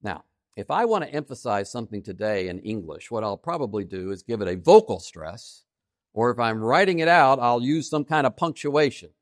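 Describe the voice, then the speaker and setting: Emphatic, lively-voiced male preacher. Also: medium pitch, moderate pace, no room sound, clean studio sound. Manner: emphatic, repeats key phrases for stress; swings between loud emphasis and quiet asides. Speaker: pastor. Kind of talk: sermon.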